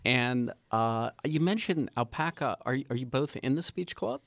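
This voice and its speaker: A man's voice: mid-range voice, expressive, a little slow, vocal fry, fairly bright tone, no echo. A man hosting a radio show, chatting with his guests in an easygoing, chuckling way. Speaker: radio host interviewing guests. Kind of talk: casual radio interview.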